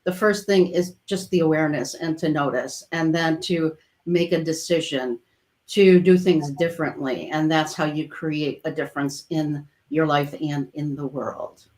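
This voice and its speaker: A woman coach hosting a casual online chat, speaking gently and reflectively. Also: low-pitched, moderate pace. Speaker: coach and host.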